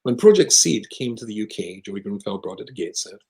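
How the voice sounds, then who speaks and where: A man with a British accent, a rabbi telling a long personal story in conversation, with lively asides. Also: on the low side, a little fast, low-quality recording. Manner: animated anecdotal storyteller with asides.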